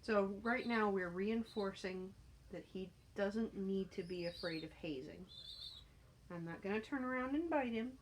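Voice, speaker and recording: A woman talking casually while training a young pigeon, calm and explanatory, breaking into high cooing baby talk at the bird. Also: a little slow, a little hiss or hum.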